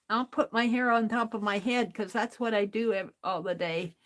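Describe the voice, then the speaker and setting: Slow-talking chatty woman crafter. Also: mid-range voice. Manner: chatty, talks to herself while working, laughs often. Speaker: craft livestream host. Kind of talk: casual craft vlog, opening mail on camera.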